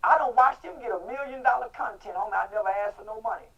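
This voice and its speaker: Guest spot: high-voiced, middle-aged man, brash and shouty, on a muffled far-off mic. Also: fast talker, creaky, slightly rough. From Texas. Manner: loud, profane, bursts into shouting. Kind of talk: casual interview. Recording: muffled audio from a distant mic.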